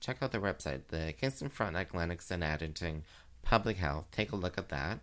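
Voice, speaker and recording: A man doing drag, hosting a chat show, talking casually with many fillers and giggles, and jumping into high sing-song voices. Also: lively intonation, a little fast, a bit bright. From Canada. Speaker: drag queen radio show host. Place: home, recorded live.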